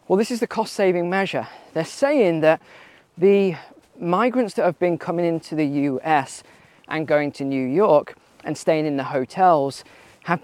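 Male vlogger, somewhat high pitch, relaxed talk on a hike, filler-heavy and questioning. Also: no echo. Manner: conversational, rhetorical questions, frequent fillers. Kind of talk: casual commentary while walking outdoors. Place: outdoors on a mountain trail.

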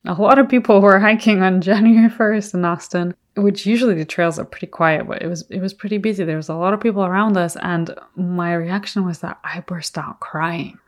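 A woman's voice: fairly low pitch, fairly even intonation, fairly quick, hardly any pauses. A woman hosting a podcast, telling a personal story in an earnest, reflective way. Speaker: podcast host.

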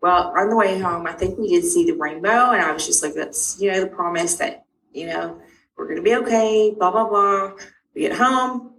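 Animated woman telling a story, roomy and distant. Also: moderate pace, slight background noise. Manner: animated, acts out dialogue with big pitch jumps. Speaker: parent of a sick child. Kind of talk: personal storytelling in conversation. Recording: roomy sound from a distant mic.

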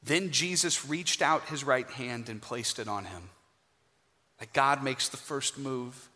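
A man preaching a sermon in a church, emphatic and dramatic, with pauses for effect. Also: mid-range voice, pushed and bright. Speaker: guest preacher. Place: church sanctuary. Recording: hall reverb.

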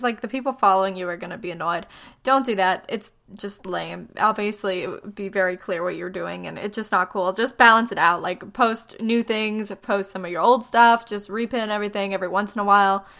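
A woman in her twenties, a little tired, talks through blogging advice in a loose vlog style. She is chatty and self-deprecating, full of fillers and quick asides, with a mid-range voice. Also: mid-range voice, bright, forceful tone. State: tired, yawning.

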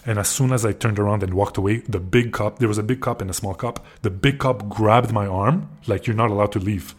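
A man's voice: lowish voice, fairly quick. A man casually telling a story on a podcast, swearing often and restarting his sentences as he gets worked up. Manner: profane, excitable, frequent restarts. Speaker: podcast host.

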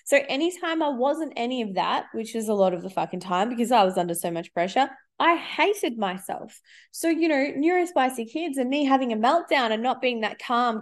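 A woman in her thirties, a life coach, talking candidly in a casual podcast monologue and swearing freely. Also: sits high.

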